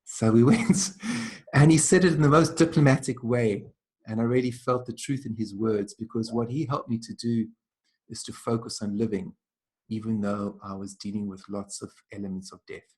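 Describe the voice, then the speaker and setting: A man from South Africa, a traditional healer as guest, telling stories in a gentle, measured way that often slows and softens. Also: fairly low pitch, fairly even intonation. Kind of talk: reflective storytelling interview.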